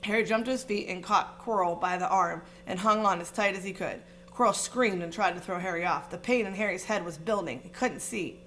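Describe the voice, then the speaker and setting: A woman narrating a fantasy novel aloud in an expressive, dramatic reading style. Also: mid-range voice, fairly quick, few pauses, a little hiss or hum. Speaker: audiobook reader. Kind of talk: storybook reading.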